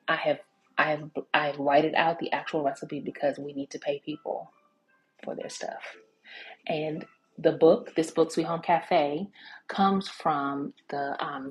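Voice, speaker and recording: A woman's voice: low-pitched, fairly even intonation, measured pace, rough recording. A woman giving a casual, chatty cooking demonstration, telling family stories with lots of fillers and restarts. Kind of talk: casual storytelling cooking demo.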